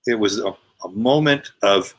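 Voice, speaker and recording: A man speaks as a podcast guest and tells a personal story in a low voice. His delivery is emphatic and conversational. He often retells moments with quoted dialogue. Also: normal speed. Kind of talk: casual storytelling.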